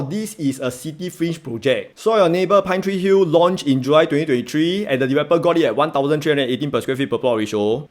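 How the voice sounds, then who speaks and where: A middle-aged man with a Singaporean English accent, pitched a touch high for a man, talks through a property review. His delivery is playful and joking, peppered with Singlish particles.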